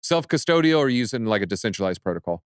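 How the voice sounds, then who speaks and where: A man hosting a casual panel chat, brisk and joking as he reads news aloud. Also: lowish voice, big pitch swings, clean tone, dry recording, studio quality. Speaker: show host.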